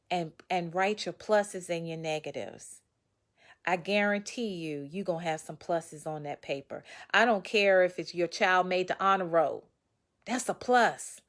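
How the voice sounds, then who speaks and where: A woman author giving casual, preachy motivational advice straight to her viewers. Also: fairly low pitch. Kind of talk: casual motivational talk to camera.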